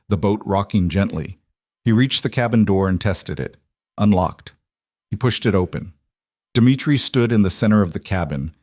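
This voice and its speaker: A man narrating a scripted thriller story in an even, dramatic way. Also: on the low side, no echo, studio quality.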